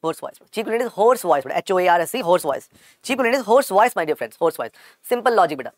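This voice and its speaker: A man's voice: high-pitched, very animated, fast, dry recording, studio quality. A man with an Indian accent giving a medical exam-prep lecture, repeating every key point several times and calling his students "beta".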